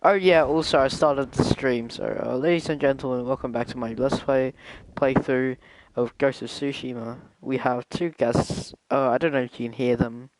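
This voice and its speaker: A man's voice: mid-range voice, steady tone, moderate pace, hardly any pauses, poor audio. A young man streaming a game playthrough in casual chat with friends, laughing often, swearing and stumbling over his words. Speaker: gaming streamer.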